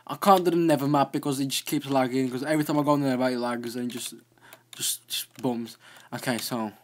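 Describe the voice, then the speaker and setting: A young man narrating his own video game run in casual commentary, excitable and quick to exclaim. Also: medium pitch, a little hiss or hum. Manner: excitable, easily startled, exclaims often. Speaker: gaming video host.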